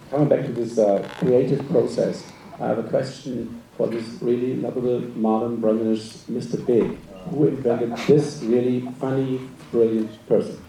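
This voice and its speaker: Dark-voiced man asking from the audience. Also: mid-range voice, level tone, measured pace, slight background noise. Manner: hesitant, admiring. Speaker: audience member asking a question. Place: cinema auditorium. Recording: very echoey distant hall mic.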